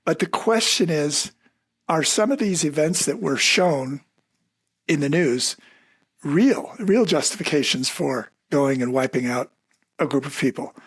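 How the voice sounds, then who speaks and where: A man, a physician, speaking as a guest on a podcast in a measured, earnest way. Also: fairly high pitch, lively intonation, husky, dry recording. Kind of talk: conversational podcast interview.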